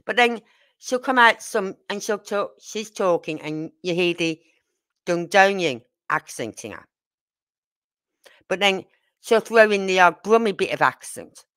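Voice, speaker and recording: A woman's voice: medium pitch, animated, measured pace, a bit bright, no room sound. A middle-aged woman, a grandmother and neighbour, chatting in a rambling way and often checking that the listener follows. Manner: chatty, rambling, keeps asking "you know what I mean". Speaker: neighbour interviewed. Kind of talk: casual storytelling chat.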